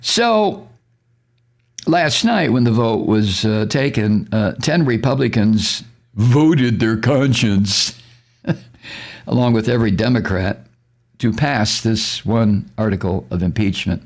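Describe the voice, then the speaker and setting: Talk radio host, male, mocking and foul-mouthed, creaky voice, very animated pitch. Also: slow. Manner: sarcastic, mocking, profane; frequent laughs and exclamations. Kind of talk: political talk radio commentary.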